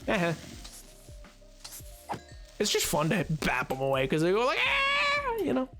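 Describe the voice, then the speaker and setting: A man's voice: a little high, sing-song, normal speed, loud music behind the voice. A man streaming a game, casually rambling with internet slang and frequent filler words. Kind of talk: live game-stream commentary.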